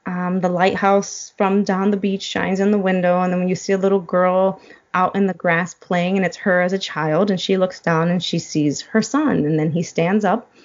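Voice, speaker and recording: A woman's voice: on the low side, flat delivery, moderate pace, dull audio. A woman guest in a casual chat, retelling a film plot and getting choked up as she goes. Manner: emotional, choked up while retelling. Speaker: podcast guest.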